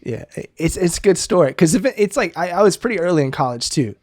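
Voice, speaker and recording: A man's voice: sits high, lively intonation, fast talker, darkish tone, no room sound, studio quality. A man with a slight Southeast Texas accent, co-hosting a casual chat in a playful, teasing way and laughing often. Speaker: podcast co-host.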